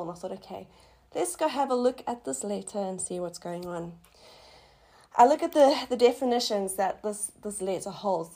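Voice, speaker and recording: A middle-aged woman hosting a faith talk, telling a personal testimony in a casual, excitable way with sudden high exclamations. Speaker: faith podcast host.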